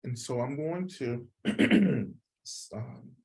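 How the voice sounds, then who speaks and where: A man guides a meditation at an unhurried, drawn-out pace, his voice carrying a gravelly, creaky grain. He speaks with calm deliberation and leaves long pauses. He leads the mantra one syllable at a time for listeners to repeat. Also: mid-range voice. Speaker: meditation teacher.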